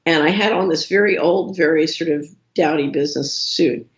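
A woman guest in an interview, telling a long story with lively, acted-out quoted dialogue. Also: low-pitched, normal speed, highs cut off. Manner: animated storyteller who acts out quoted dialogue.

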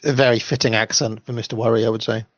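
A man's voice: mid-range voice, flat delivery, fast talker, no room sound, muffled recording. Rambling male stream host. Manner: rambling, with restarts. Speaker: livestream host. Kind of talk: rambling commentary and storybook reading.

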